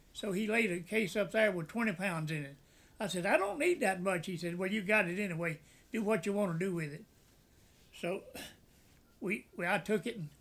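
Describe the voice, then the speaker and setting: A high, gravelly, somewhat bright voice belongs to an older war veteran doing oral history storytelling. He tells his wartime tales in a folksy manner, acting out others' voices and laughing at his own jokes, with occasional tears.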